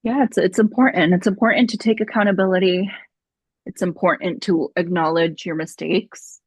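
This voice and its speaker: Husky-voiced woman podcast co-host. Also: lowish voice, fairly even intonation, moderate pace, dry recording. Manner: supportive listener, affirming with short replies. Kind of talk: casual podcast chat.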